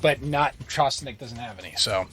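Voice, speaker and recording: A man playing a tabletop game, describing his character's moves in a halting way, revising plans mid-sentence. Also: medium pitch, lively intonation, fairly bright tone, husky, faint music behind. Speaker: player. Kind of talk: casual tabletop play.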